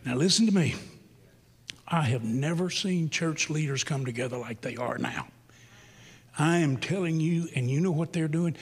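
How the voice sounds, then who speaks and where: A man delivering a sermon, moving from personal stories into emphatic, rousing exhortation. His voice is husky and sits a little high for a man. It rings out with a long reverb, as if in a big hall. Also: moderate pace. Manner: storytelling that builds to emphatic exhortation. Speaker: preacher.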